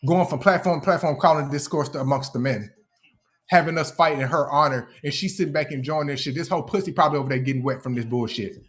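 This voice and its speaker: Answering critics on his live stream, a young man rants in a heated, profane and confrontational way. He speaks fast, with a voice on the high side.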